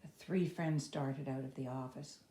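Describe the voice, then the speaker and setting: A woman's voice: steady tone, normal speed, dark tone. A woman reading a children's chapter book aloud, lifting her voice for the characters' lines. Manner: voices each child's lines with raised pitch and energy. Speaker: storybook reader. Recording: echoey room.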